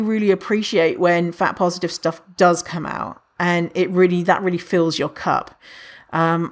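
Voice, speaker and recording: A woman hosting a solo podcast, chatty and animated, who swears freely and acts out what people say in a higher voice. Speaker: podcast host. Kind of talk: casual solo podcast monologue.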